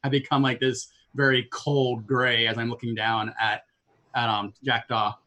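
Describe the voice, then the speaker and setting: A man plays in a tabletop game and describes his character's actions in stumbling detail. His voice is bright, at an ordinary pitch for a man. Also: flat delivery, moderate pace. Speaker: player.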